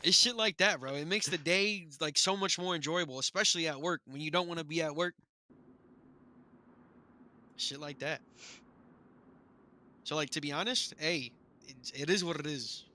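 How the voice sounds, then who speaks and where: A man's voice: a little high, normal speed, pauses often, sharp tone. A young man in casual chat while gaming, talking in laid-back slang and swearing freely.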